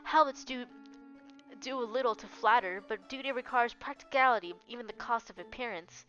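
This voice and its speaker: A woman's voice: fairly high pitch, brisk, a bit bright, natural voice. A woman voicing a devoted young female knight who speaks in formal, archaic oaths. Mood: solemn. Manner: formal, archaic oath-swearing speech. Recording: dull lo-fi with faint music.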